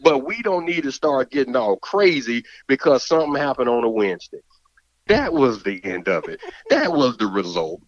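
A former football player telling a story in a casual, rambling way, laughing often and repeating words. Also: male voice, fairly high pitch, lively intonation, brisk, no room sound. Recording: dull, dry recording.

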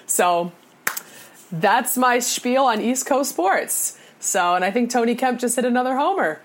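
A woman's voice: fairly high pitch, normal speed. Bubbly young woman telling sports stories. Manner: bubbly storyteller, laughs often, lively acted-out quotes. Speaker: podcast co-host. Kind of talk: casual chat.

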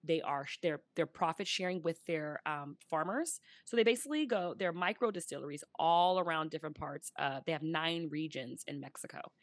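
A woman's voice: sits low, a little fast, hardly any pauses, dry recording. A woman co-hosting a podcast in casual chat, telling stories and quoting people in playful voices. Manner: chatty storyteller, quotes others in playful voices. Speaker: podcast co-host.

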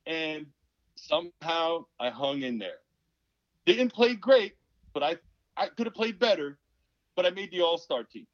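A man's voice: a little high, measured pace, long pauses, no room sound. A man in his fifties, a former pro basketball player, telling a story as a podcast guest and acting out the people in it. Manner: animated, acts out quoted people. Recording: dull, dry sound.

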